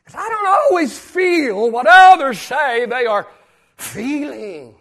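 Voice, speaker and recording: An older man preaching a sermon as pastor, repeating phrases emphatically and swinging from shouts down to hushed asides. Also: very high voice, very animated, slow pace.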